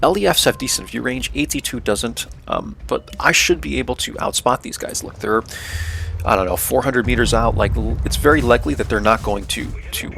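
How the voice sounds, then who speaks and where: Explaining the tactics of his tank match in a relaxed commentary, a young man with a North American accent keeps dropping "um," "right?" and "man." His voice is medium-pitched and creaky, fairly bright, over a slight hiss or hum.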